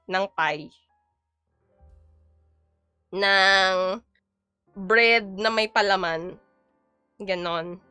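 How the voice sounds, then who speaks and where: A woman's voice: mid-range voice, bright, forceful tone, clean tone, no room sound. A young woman from the Philippines with a Filipino accent, chatting on a live stream while she cooks, reading viewers' comments aloud and switching between Tagalog and English. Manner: chatty, reads chat aloud and answers viewers. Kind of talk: casual live-stream chat while cooking. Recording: dry close sound with faint background music.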